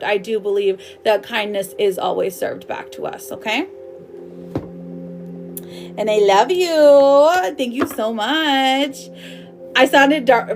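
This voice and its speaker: A woman giving a live-streamed tarot reading in a chatty, affectionate way, calling her viewers darling and my love. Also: on the high side. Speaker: tarot reader.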